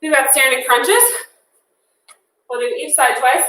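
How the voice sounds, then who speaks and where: A young woman leads an interval workout with a high, bright voice, counting down and cheering in an upbeat, breathless way. She paces her cues unhurriedly, and she sounds slightly distant in an echoey room. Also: measured pace. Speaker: fitness instructor. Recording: echoey room, mic far off.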